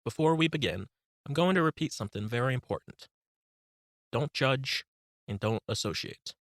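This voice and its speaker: Male narrator, calm and instructive, varied intonation, dry recording. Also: mid-range voice, normal speed, no room sound. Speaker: author narrating his book. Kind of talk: guided meditation audiobook narration.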